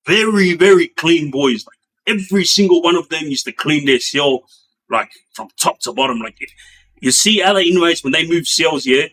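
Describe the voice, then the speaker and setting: A man's voice: on the high side, fairly bright tone, rough recording. A man telling prison stories casually, rambling with many fillers and restarts and acting out what others said. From Australia. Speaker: former inmate telling stories. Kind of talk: casual storytelling.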